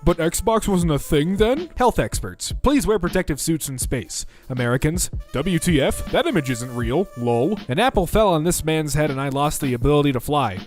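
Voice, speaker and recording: A young man reading out internet posts for comedy, bouncing between flat deadpan and mock voices. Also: on the high side, faint music behind. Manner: lively, quick shifts into mock voices.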